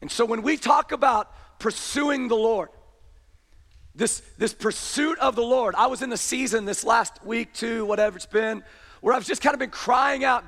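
High-voiced impassioned male preacher in a hall. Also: moderate pace. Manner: impassioned preaching, swings from shouting to hushed. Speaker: pastor. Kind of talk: sermon. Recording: long hall reverb.

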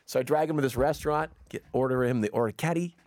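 A man co-hosting a radio podcast, telling stories in a casual, animated way and acting out other people's voices. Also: medium pitch, quick pace, no room sound. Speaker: radio co-host.

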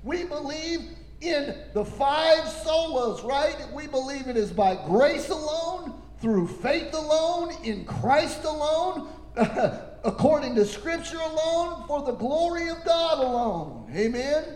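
A man preaching a sermon as pastor, swinging from shouted lines down to low, quiet ones. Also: lively intonation, slow. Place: church sanctuary. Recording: echoey hall with long reverb.

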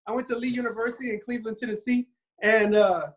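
A man casually retelling a Bible story in an animated, rambling way, often restarting his sentences. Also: sits high, quick pace, low-quality recording.

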